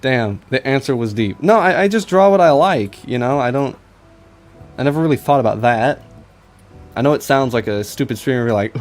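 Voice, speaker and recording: A man's voice: mid-range voice, expressive, normal speed. Rambling young man streaming while drawing. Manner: rambling, self-mocking, stammers with repeated I's. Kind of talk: casual live-stream chat while drawing.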